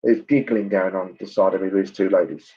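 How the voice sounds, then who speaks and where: A man giving a clairvoyant reading at a church service, chatty and halting, with many ums and asides. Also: deep voice, fairly even intonation, warm tone, highs cut off, a little hiss or hum. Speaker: spiritualist medium.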